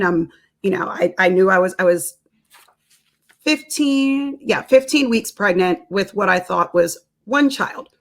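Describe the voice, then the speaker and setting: A woman's voice: mid-range voice, fairly bright tone. A woman, a nutrition counselor and personal trainer, telling a personal story in a casual interview, laughing often and repeating words as she goes.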